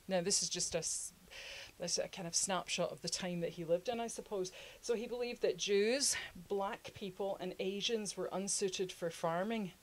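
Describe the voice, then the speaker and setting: Woman chatting through a history lesson, lively and jokey, mid-range voice. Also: medium pitch. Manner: lively, laughs often, acts out quotes in funny voices. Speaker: history show host.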